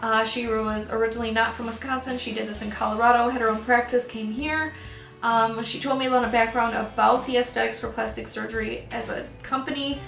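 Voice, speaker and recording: A woman's voice: fairly high pitch, fairly even intonation, brisk, creaky, fairly bright tone, reverberant. A young woman telling a personal story in a vlog, rambling with many ums and getting choked up as she talks. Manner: emotional, gets choked up. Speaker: vlogger.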